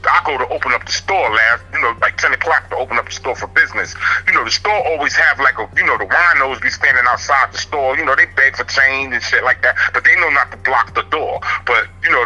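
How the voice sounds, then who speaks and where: Bright-voiced New man telling street stories. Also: mid-range voice, poor audio. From New York. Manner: streetwise, animated, keeps saying "you know what I'm saying". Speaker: interview guest. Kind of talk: casual street storytelling.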